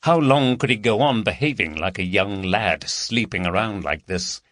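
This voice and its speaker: Man reading a crime audiobook, bright lively voice, dry close mic. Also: lowish voice, moderate pace, dry recording. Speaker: audiobook narrator. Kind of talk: scripted narration.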